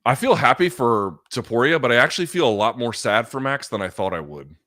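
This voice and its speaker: Male host, live fight reaction, loud outbursts, profane, emotional. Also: mid-range voice, lively intonation, brisk. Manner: subdued, reflective, emotional.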